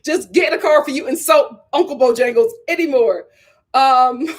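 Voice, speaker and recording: A woman hosting a live stream, giving sassy, animated commentary on a reality show and talking straight to her viewers. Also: high-pitched, moderate pace. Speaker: live show host reviewing a reality series.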